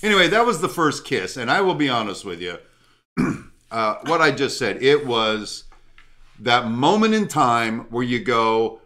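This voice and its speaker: Boisterous joking man, lively bright voice. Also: a little slow. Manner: joking, boisterous, shouts "boom". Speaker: co-host of a live chat stream. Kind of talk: casual live-stream banter.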